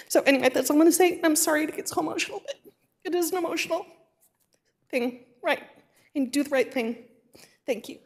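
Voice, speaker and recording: A middle-aged woman giving a halting, emotional public comment at a council meeting, speaking into a podium microphone. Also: high voice. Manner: halting, with fillers and restarts, audibly emotional.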